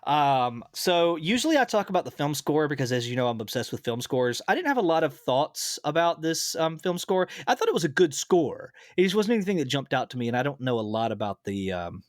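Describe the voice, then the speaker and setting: A man hosts a casual film podcast, his voice pitched a little high and recorded dry and close. He retells movie scenes animatedly and laughs often along the way. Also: very animated, brisk, hardly any pauses, no echo. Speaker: podcast host.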